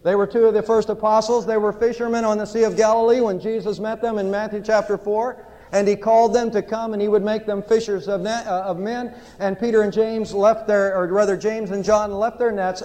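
A pastor preaches a sermon in an emphatic, storytelling manner. His voice sits fairly high for a man. The church sanctuary adds a long reverb tail to every phrase. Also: fairly even intonation, fairly quick, warm tone.

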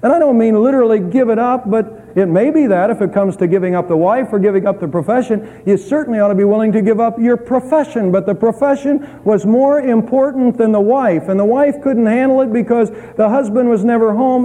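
High-voiced preacher in echoing hall. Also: male voice, fairly quick. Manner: earnest preaching with swings between loud and soft. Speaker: pastor. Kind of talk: sermon. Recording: echoey hall with long reverb.

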